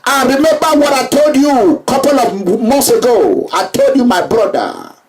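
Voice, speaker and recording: A Nigerian man giving an emphatic public address, repeating himself and breaking into shouts. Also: extremely high pitch, lively intonation, normal speed, recorded from a distance, crowd noise. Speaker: political speaker.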